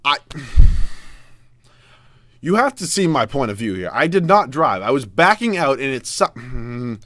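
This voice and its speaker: A young man giving live video game commentary, exasperated and swinging from low muttering to loud yelling. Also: sing-song, measured pace. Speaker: gaming YouTuber. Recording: dry close mic with faint background music.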